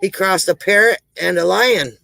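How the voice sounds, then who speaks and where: High-voiced man cracking corny jokes. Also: moderate pace, gravelly, pushed and bright, dry recording, rough recording. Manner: laughs at his own jokes, self-deprecating. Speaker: comedy livestream host. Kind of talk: telling one-liner jokes to a live chat.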